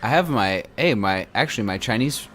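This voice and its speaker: Brief: male podcast host, low voice, jokey and rambling, stumbles and restarts a lot. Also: expressive, a little fast, fairly bright tone, slight background noise. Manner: joking, rambling, frequent restarts. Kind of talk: casual podcast chat.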